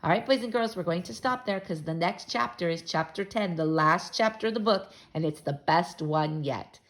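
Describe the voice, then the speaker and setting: A woman reading a children's book aloud to young listeners, with expressive, animated storytelling. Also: fairly low pitch, moderate pace.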